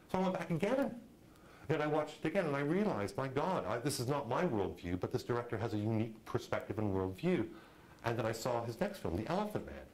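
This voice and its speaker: A middle-aged man teaching a film directing class, talking in a lively, conversational way and acting out quotes. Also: medium pitch, poor audio. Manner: animated, conversational, acts out quotes. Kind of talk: lecture to a class.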